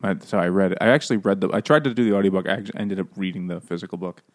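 A man's voice: low-pitched, rapid-fire. A man casually discussing a novel with a friend, rambling, swearing and laughing often. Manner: rambling, laughing, profane, slips into mocking voices.

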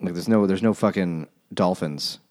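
A man co-hosting a casual book-club podcast, making wry deadpan asides and swearing. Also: sits low, normal speed. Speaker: podcast co-host.

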